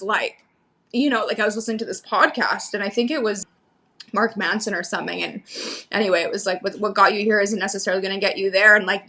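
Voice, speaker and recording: A woman's voice: mid-range voice, sharp tone. A woman talking candidly as a podcast guest, chatty and laughing often, full of fillers and the odd swear. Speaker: podcast guest, coaching client. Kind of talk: casual candid conversation.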